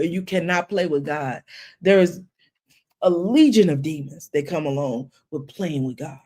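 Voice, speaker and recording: A woman holds forth to her audience in an animated, preachy way. She slips into folksy asides and keeps calling her listeners baby. Her voice sits at an ordinary middle pitch for a woman. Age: 40s. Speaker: commentary channel host. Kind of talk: casual commentary with storytelling.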